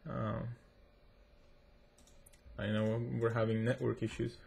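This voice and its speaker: A man's voice: fairly low pitch, flat delivery, slow, vocal fry, a little mellow. A man with a self-described accent giving chatty, rambling commentary to his viewers while he plays and tests a game. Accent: non-native accent, self-described. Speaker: gaming tech reviewer. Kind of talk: casual gameplay commentary.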